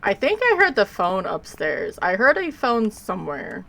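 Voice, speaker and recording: A woman's voice: medium pitch, huge pitch swings, normal speed, creaky, a bit bright, poor audio. A woman streamer talking casually to her viewers while she plays, rambling and sleepy, yawning between remarks. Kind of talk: casual live gameplay commentary.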